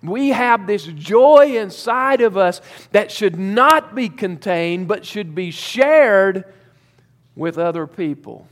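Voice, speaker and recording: A male pastor preaches in a high, bright register, stretching key words and pausing for emphasis. His voice rings out with a long reverb tail from the church sanctuary. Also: expressive. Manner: emphatic, drawn-out preaching with pauses. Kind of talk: sermon.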